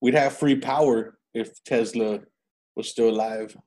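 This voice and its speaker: A man's voice: mid-range voice, steady tone, a little slow, darkish tone. Laid-back slangy male podcast host. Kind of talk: casual podcast chat.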